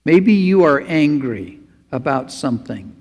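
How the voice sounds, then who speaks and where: Male pastor, earnest sermon, fairly high voice, long hall echo. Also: very animated, unhurried, darkish tone. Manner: earnest, pleading exhortation.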